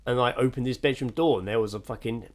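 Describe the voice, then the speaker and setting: Fast-talking podcast host. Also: male voice, medium pitch. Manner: swears freely, rambling anecdotes. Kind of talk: casual chat.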